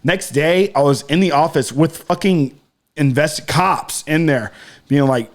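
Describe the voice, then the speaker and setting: A man's voice: fairly high pitch, measured pace. A man co-hosting a podcast in casual chat, telling a story in a rambling, hesitant way full of fillers. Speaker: podcast co-host.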